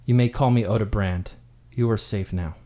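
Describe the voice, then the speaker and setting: A man voicing a stern armored soldier who gives low, terse commands. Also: moderate pace, mellow, natural voice. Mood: calm.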